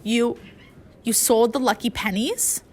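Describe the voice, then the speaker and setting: A woman voicing a gentle, tired father who speaks softly and tenderly to his daughter, in an audiobook. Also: a little high, measured pace, slightly rough. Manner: soft, tender, shaky voice.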